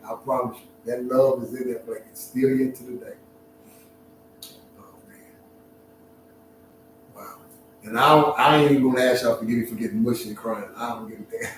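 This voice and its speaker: A man giving an emotional, heartfelt talk, swinging from hushed near-whispers to loud preaching. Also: medium pitch, fairly even intonation, quick pace, a little hiss or hum. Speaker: talk show host. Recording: very echoey room, far from the mic, clear music behind.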